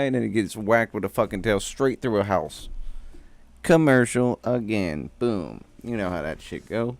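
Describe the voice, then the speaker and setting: A man streamer rambles through a casual recap, packing it with slang and swearing. His voice is on the low side. The sound is dry and close, straight into a desk mic. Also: animated, unhurried, creaky, no echo. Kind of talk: casual comic show recap.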